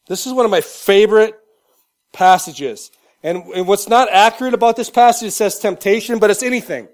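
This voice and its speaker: A pastor preaching a conversational sermon in church, often checking in with "Amen?". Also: male voice, sits high. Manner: emphatic, conversational preaching with frequent 'Amen?' asides; acts out loud shouted voices for humor.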